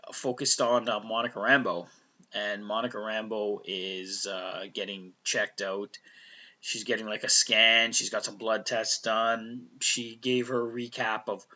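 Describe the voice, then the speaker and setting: A man's voice: medium pitch, sharp tone, highs cut off. A man casually recapping a TV episode, rambling with fillers and restarts and loosely acting out the characters' lines. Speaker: recap vlogger.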